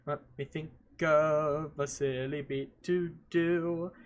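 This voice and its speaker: A man talks on a casual livestream, rambling and thinking aloud and often trailing off mid-sentence. His voice sits a little high for a man, and he takes his time, with slow, unhurried pacing and bits of humming between thoughts. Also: fairly even intonation, soft background music. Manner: hums and scats between thoughts.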